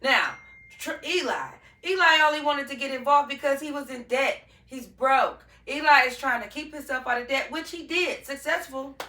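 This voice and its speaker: Bright, opinionated woman in an echoey room. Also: high-pitched, normal speed. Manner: opinionated, lays out theories, laughs often. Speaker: podcast co-host. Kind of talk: casual chat. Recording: echoey room, mic at a distance.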